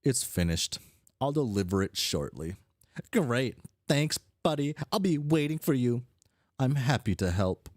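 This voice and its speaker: A man's voice: mid-range voice, big pitch swings, measured pace, a little mellow, no echo, studio quality, voice pushed up. A man voicing a haughty, formal young male alien troll aristocrat who speaks in stiff, pompous sentences. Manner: stiff, pompous, long-winded formal speech.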